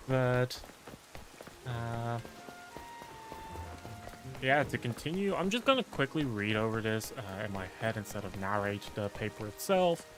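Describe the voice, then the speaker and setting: A man's voice: mid-range voice, expressive, measured pace, pauses often. Rambling male game streamer over music. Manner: rambling, heavy on filler words, musing aloud. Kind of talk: casual rambling chat during a game stream.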